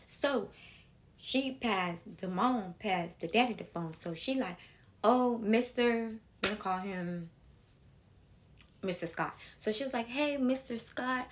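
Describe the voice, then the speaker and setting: A woman's voice: medium pitch, unhurried, long pauses, a little hiss or hum. A young woman telling a personal story in a casual vlog, emphatic and talking straight to her viewers with repeated asides.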